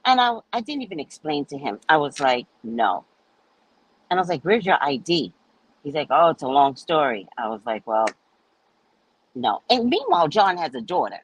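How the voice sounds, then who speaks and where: A woman host telling her viewers a story in a casual, animated way, cursing freely and acting out what people said. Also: fairly low pitch, unhurried, pauses often, slightly rough, no echo, rough recording. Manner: animated, profane, acts out quoted people. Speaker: psychic reader and host.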